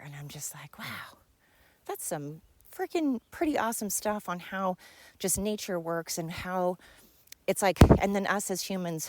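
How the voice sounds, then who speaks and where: A young woman, hosting her podcast in a chatty, excitable ramble while out of breath from walking uphill outdoors. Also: fairly low pitch. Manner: chatty, excitable, says frickin' a lot. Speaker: podcast host. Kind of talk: casual rambling monologue.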